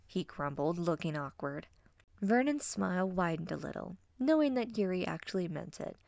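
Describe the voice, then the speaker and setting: Gravelly woman reading a story. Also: on the low side, dry recording, clean studio sound. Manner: steady, expressive narration. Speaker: fanfiction reader.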